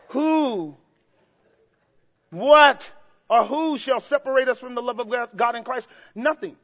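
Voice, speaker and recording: A male pastor with a very high, bright and forceful voice. He preaches with fervor, dropping to quiet asides and then climbing to shouts. The recording sounds dull and lo-fi. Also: lively intonation, a little slow, long pauses, a faint crowd. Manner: impassioned preaching that swings from soft asides to shouting. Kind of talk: sermon.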